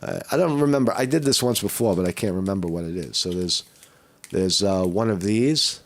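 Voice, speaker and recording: A hoarse man talking casually on a live stream, rambling with many fillers and restarts. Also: sits low, a little fast. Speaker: vlogger doing a live at-home test.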